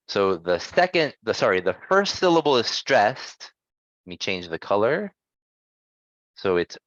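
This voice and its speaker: A man teaching English pronunciation in an online lesson, patient and encouraging, gently correcting his students. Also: on the low side, no room sound, lo-fi sound.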